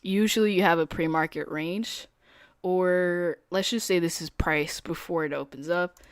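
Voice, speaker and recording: A woman's voice: fairly low pitch, unhurried, clear, resonant tone, no echo, studio quality. A young adult woman streaming as a day trader, talking casually in slangy speech, laughing easily and explaining her setups.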